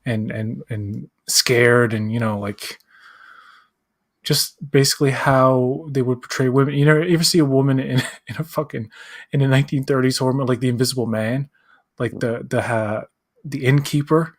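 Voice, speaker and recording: A man's voice: mid-range voice, fairly even intonation, moderate pace. A man co-hosting a live pop-culture chat, rambling, acting out quotes and searching aloud for names. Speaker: co-host. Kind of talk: casual chat.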